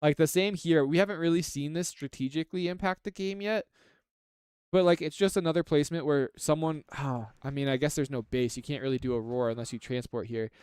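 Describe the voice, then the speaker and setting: A man's voice: fairly high pitch, a little fast, darkish tone, clean tone, dry recording. A man giving casual live commentary on a strategy game, chatty and analytical, with lots of filler words. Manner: chatty and analytical, heavy use of "like".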